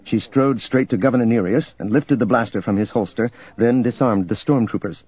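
A man narrating an audiobook in a steady, measured reading. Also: fairly low pitch, breathy edge, no room sound, dull audio. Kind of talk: scripted narration.

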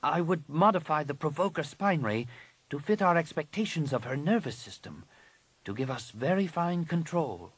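A man putting on a young alien apprentice woman for an audiobook, her voice raised above his own and careful, deferential and earnest. A husky edge stays under the delivery. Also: on the high side, animated, normal speed, no echo, pitched above the performer's own voice. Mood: cautious. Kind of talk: audiobook reading.

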